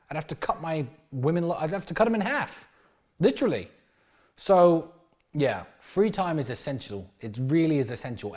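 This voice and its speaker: A man giving a blunt, crude motivational monologue about dating, acting out bits of dialogue along the way. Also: mid-range voice. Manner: acts out little dialogues in different voices. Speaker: dating and lifestyle talker.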